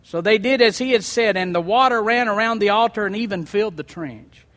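A man preaching a sermon, reading scripture aloud and breaking in with lively asides. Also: high voice, a little fast. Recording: long hall reverb.

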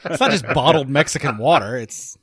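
A man's voice: mid-range voice, animated, a little fast, fairly bright tone, breathy edge, no room sound, studio quality. A man hosting a casual comedy podcast, joking and laughing often. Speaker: podcast host.

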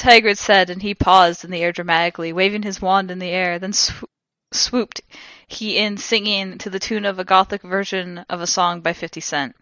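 A woman co-hosting a podcast, reading a text aloud in a deadpan comic way on a close mic. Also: mid-range voice, no echo. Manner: deadpan reading broken by laughter. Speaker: podcast co-host. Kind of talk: comedic dramatic reading.

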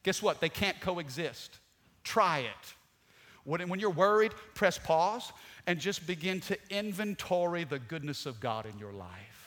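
A man preaching a sermon with dynamic delivery, swinging from loud to soft. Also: a little high, expressive, unhurried. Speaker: pastor. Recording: long hall reverb.

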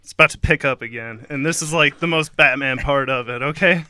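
A man's voice: medium pitch, brisk, few pauses, heavy background noise. A man giving a playful, giggly play-by-play of an imagined scene, often breaking into laughter. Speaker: comedic narrator. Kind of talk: playful play-by-play over a song. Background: song playing.

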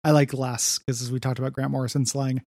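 A man's voice: medium pitch, little pitch movement, fast talker, a little mellow, no room sound, studio quality. A young man co-hosting a podcast, rambling through a comics recap with lots of fillers. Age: young adult. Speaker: podcast co-host. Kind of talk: casual comics discussion.

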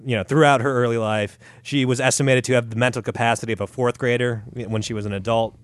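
A man's voice: medium pitch, steady tone, fast, no room sound. A man hosting a podcast, telling a story in a crude, sarcastic, profane way. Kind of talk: casual comedic storytelling.

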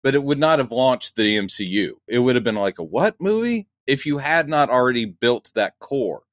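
A man's voice: mid-range voice, fairly bright tone, dry recording. Chatty man on a dry podcast mic. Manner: chatty, musing, quick asides. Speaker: podcast co-host. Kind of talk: casual podcast chat.

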